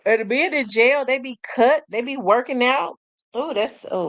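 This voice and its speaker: A woman's voice: fairly high pitch, lively intonation, normal speed, no room sound. A woman hosting a casual commentary stream, chatty, exclaiming and laughing as she talks to her viewers. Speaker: host.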